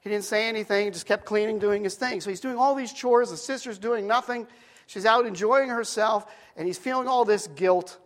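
A man preaching a sermon, telling a story and acting out the characters' lines in a soft, hushed voice. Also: high voice, moderate pace, in a large hall. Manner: animated storyteller, acting out voices, drops to hushed tones for quotes. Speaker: pastor.

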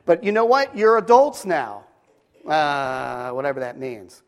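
High-voiced man preaching a sermon. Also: normal speed. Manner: storytelling, earnest and emphatic.

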